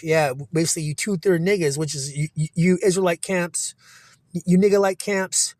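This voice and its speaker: A man giving an informal scripture breakdown on a cell phone, rambling and profane with many restarts, reading verses slowly. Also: a little high, fairly even intonation, a little mellow, dry recording. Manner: reads verses slowly in old-style diction. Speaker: self-taught scripture teacher.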